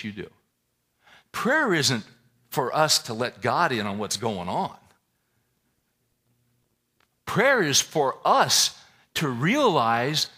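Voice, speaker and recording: A man preaching a sermon, lively and folksy, full of rhetorical questions and asides. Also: fairly high pitch, husky. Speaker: pastor.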